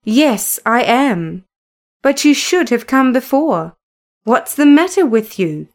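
A woman's voice: fairly high pitch, sing-song, takes it slowly, heavily acted. A woman reading a storybook, voicing a sickly, peevish teenage boy who whines and pleads. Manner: fretful, whiny pleading.

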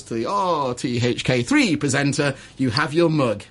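A man who works as an auctioneer, chatting as a guest on a radio show and breaking into a fast rhythmic bid-calling chant. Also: mid-range voice, animated, a bit bright. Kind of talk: radio studio chat with live auction chant. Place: radio studio.

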